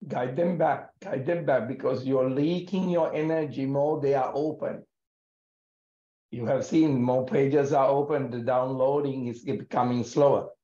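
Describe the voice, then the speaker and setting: A man guiding a yoga breathing practice in a gentle, calm and soothing way, with many pauses. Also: mid-range voice. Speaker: yoga teacher. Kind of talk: guided yoga breathing instruction. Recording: echoey room, dull lo-fi sound.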